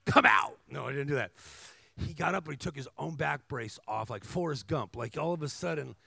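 High-pitched gravelly preacher man. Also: brisk, no room sound. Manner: energetic storytelling with humor and call-and-response asides; emphatic, rising to shouts at climaxes. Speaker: guest preacher. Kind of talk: sermon.

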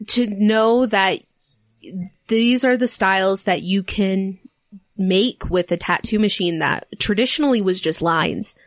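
A young woman guesting on a podcast, chatty and openly sentimental, often breaking into a laugh. Her voice sits at an ordinary pitch for a woman. The sound is close-miked and dry, with no room echo. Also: unhurried. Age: young adult. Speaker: tattoo artist guest. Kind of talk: casual interview chat.

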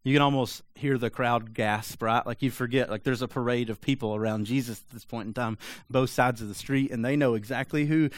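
A man's voice: mid-range voice, a little fast, hardly any pauses, dry recording. Conversational male preacher. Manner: conversational, animated, rhetorical asides. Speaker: pastor. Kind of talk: sermon.

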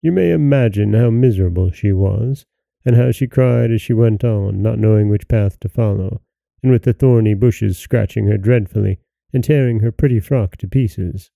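A man narrating a fairy tale in a steady, measured storytelling manner. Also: on the low side, gravelly, no echo.

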